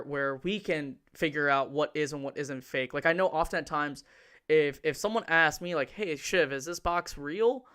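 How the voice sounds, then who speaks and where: A man's voice: fairly high pitch, fairly bright tone, clear, resonant tone. A man hosting a casual podcast, talking loosely with lots of fillers while he runs his own stream. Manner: talkative, loose, many fillers. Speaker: podcast host. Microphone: streaming setup.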